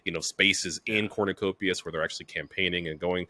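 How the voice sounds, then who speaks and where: Male co-host, low voice with a sharp, forceful edge, excitable rambling. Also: fairly quick, hardly any pauses, no echo. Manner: rambling, excitable, laughs easily. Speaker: podcast co-host. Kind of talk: casual gaming podcast chat.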